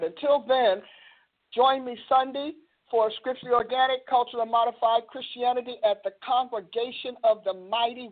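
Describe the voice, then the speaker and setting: A woman hosting a religious talk show, speaking with an animated, preacher-like cadence. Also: fairly high pitch. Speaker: host. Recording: phone-like band-limited audio.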